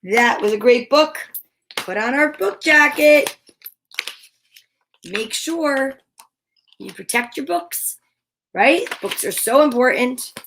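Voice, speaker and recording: A woman hosting a children's storytime, reading a picture book aloud in an animated, encouraging way. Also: high-pitched, slow pace, creaky, pauses often, a little hiss or hum.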